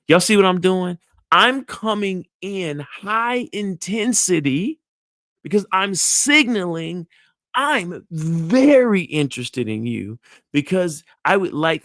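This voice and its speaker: A man's voice: expressive, a little slow, no room sound, studio quality. A middle-aged man and psychologist, coaching an audience on dating in an emphatic, repetitive way, often asking "right?" and acting out friendly greetings. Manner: acts out friendly greetings in a high bright voice. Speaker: psychologist giving dating advice. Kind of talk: animated coaching talk with role-play demonstrations.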